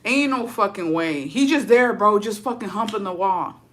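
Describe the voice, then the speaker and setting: A woman's voice: mid-range voice, normal speed, a bit bright. A woman streamer in casual chat with viewers, telling a story in slang full of swearing and laughter, dropping in words.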